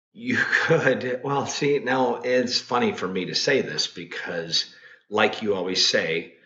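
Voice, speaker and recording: A man in his sixties, a guest in a casual chat, tells stories bluntly. His voice is lowish, slow, bright and forceful, heard through roomy, dull lo-fi sound.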